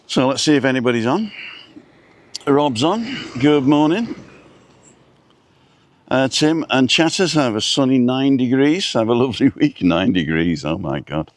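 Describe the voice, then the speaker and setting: A middle-aged man hosts a casual outdoor live stream overlooking hotels, with the camera set down in front of him. His medium-pitched voice has lively intonation and a measured pace with long pauses as he rambles and reads viewers' names with small asides.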